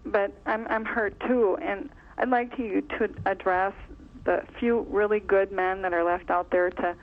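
A woman's voice: mid-range voice, steady tone, a little slow. Gushing woman caller on a dull line. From Minnesota. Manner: gushing, rambling, earnest. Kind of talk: phone call to a talk show.

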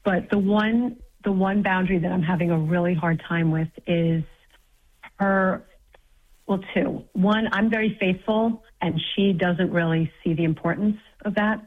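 A woman's voice: on the low side, fairly even intonation, a little slow. A woman calling in to a radio advice show, speaking hesitantly with many ums and light laughs. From New York. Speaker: caller. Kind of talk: phone-in conversation. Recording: dull phone line.

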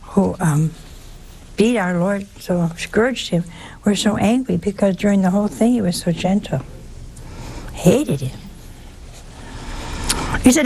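A woman's voice: on the low side, a little slow, creaky, long pauses, warm tone, slight background noise. A woman preaching a sermon in a folksy way, full of rhetorical questions and exclamations.

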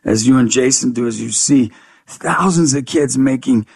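Man, motivational speaker, gravelly, husky, energetic storytelling, dry close mic. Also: moderate pace, dry recording. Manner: energetic, acts out dialogue with pitch jumps. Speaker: guest, youth motivational speaker. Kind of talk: animated storytelling interview.

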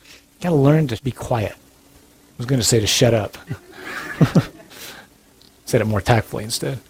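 A man's voice: medium pitch, a little fast. A man giving a sermon-style talk, speaking in an earnest, direct and conversational way. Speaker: preacher.

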